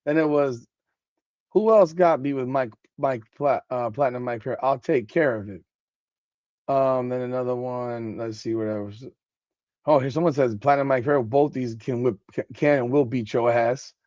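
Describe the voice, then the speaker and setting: A man hosting a podcast late at night, sleepy and yawning, talking in loose, excitable slang and reading out comments. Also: mid-range voice, moderate pace, dry recording, dull audio. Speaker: podcast host.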